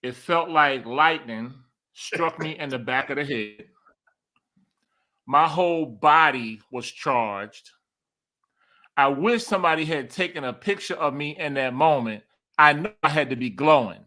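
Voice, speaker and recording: A man with a slightly high voice tells a story at a measured pace as a guest on a podcast. He's animated, laughing often and acting out the dialogue he quotes.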